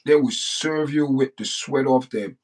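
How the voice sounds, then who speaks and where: A middle-aged Jamaican man hosting a casual livestream, talking in long rambling runs with frequent restarts and sudden animated bursts. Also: medium pitch, measured pace, rough recording. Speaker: livestream host. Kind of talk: casual live-stream monologue.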